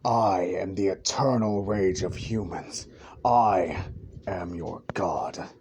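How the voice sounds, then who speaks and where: A young male hero turned demon slayer, voiced by a man, speaking low and slow with a cold, merciless edge. Each threat is drawn out and half-whispered. Deliberate, unhurried menace in a fan-made storytelling voice. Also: a little mellow, slight background noise. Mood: menacing.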